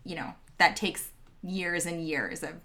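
Earnest woman, slightly low voice. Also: unhurried, sharp tone. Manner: earnest, reflective, many "like" and "um" fillers. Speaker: guest, former teacher. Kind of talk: conversational interview answer.

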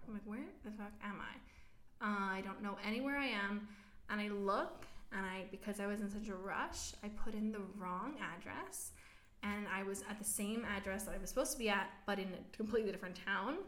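A young American woman co-hosting a podcast, telling stories in a casual, animated way with lots of fillers. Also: medium pitch, reverberant. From United States. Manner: animated storytelling, many filler likes, laughs while talking. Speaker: podcast co-host. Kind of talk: casual chat.

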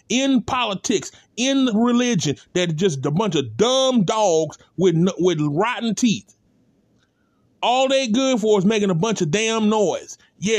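A man's voice: high-pitched, no room sound. A man giving a blunt, impassioned spoken rant, hammering points with repeated rhetorical calls and casual speech. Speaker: commentator.

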